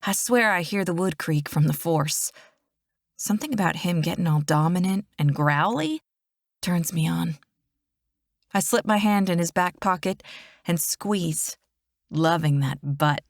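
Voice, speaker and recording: Lower-voiced woman narrating a romance audiobook. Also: animated, measured pace, no echo, clean studio sound.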